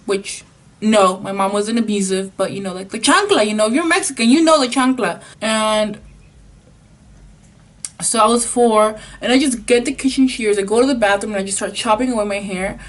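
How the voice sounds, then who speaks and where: A woman's voice: medium pitch, moderate pace. A young adult woman vlogger telling a casual story in a chatty way, full of "like" and the odd Spanish phrase. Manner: chatty, filler-heavy with frequent "like", Spanish phrases.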